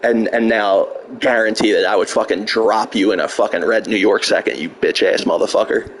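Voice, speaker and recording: A man's voice: lowish voice, fairly quick, slight background noise. A man live-streaming a video game, trash-talking a troll in chat with heavy profanity and sarcasm. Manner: profane, mocking trash talk.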